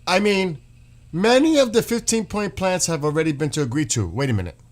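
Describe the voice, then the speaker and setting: Male streamer, sarcastic exasperated rant, higher voice with big swings in pitch. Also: lively intonation, fairly quick. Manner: exasperated, sarcastic, swears, reads posts aloud and mocks them. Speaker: streamer reacting to news. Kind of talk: ranting political commentary.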